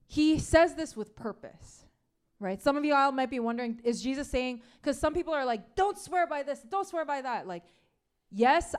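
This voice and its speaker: With a smooth voice that sits high, this preacher delivers a relaxed, conversational sermon. She leans on "like" and "right?" and repeats key phrases to drive points home.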